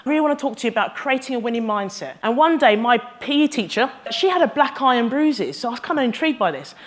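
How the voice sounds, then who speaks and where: A woman with a North London accent, a former athlete, telling her story as a guest speaker in lively storytelling style. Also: fairly high pitch, fast. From England. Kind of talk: inspirational talk.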